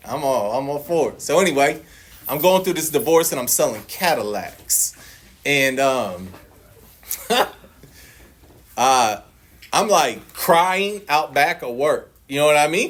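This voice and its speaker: A man giving a personal recovery testimony to a meeting audience, telling it as a profane, joking story, laughing often and acting out his own past lines in a livelier voice. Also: a little high. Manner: laughs often and shifts into a lively voice when quoting himself.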